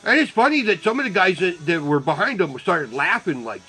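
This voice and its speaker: A man's voice: sits high, big pitch swings, a little fast, hardly any pauses, pushed and bright, faint music behind, poor audio. A man telling a story in a casual, rambling way, blunt and heavily profane. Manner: rambling with restarts. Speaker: volunteer motorcycle parade marshal.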